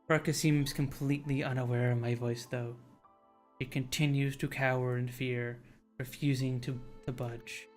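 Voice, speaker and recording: A man streaming a visual novel, reading its narration aloud at a mid pitch in a relaxed, casual way. He often restarts phrases and stumbles over words as he reads. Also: moderate pace, soft background music.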